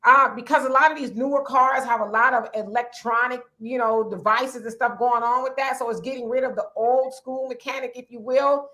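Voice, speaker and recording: A woman co-hosts a casual livestream chat, reading out viewer comments and replying in a loose, conversational way. Her voice sits a little high and sounds bright and forceful, with a raspy edge. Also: fairly even intonation, brisk, hardly any pauses. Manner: conversational, reads comments aloud and answers them. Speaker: livestream co-host.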